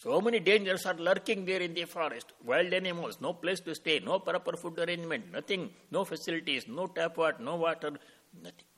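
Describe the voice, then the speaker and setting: A man giving a devotional discourse as a spiritual teacher, telling a sacred story slowly and calmly and explaining Sanskrit terms as he goes. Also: on the high side.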